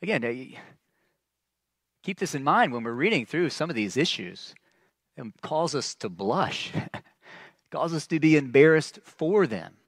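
A man preaching a sermon as pastor, earnest and emphatic, with frequent restarts and phrases that trail off soft and low. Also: lively intonation, unhurried, long pauses, no echo, clean studio sound.

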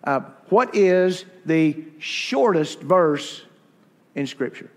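A man's voice: fairly high pitch, animated, very slow, long reverb tail. A man preaching a sermon in a church, folksy and self-deprecating, telling stories with humor. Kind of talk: sermon with personal anecdotes.

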